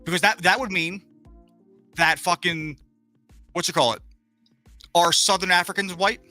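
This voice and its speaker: A man's voice: high voice, fairly even intonation, a little slow, pushed and bright, no room sound, soft background music. A man co-hosting a casual talk show, swearing often and reading articles aloud with sarcastic jabs. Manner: profane, sarcastic, reads articles aloud mockingly. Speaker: podcast co-host.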